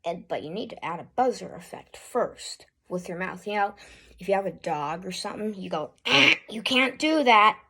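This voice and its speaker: A woman hosting a casual spoken tutorial, talking haltingly with fillers and restarts. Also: lowish voice, husky. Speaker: YouTube voice tutorial host.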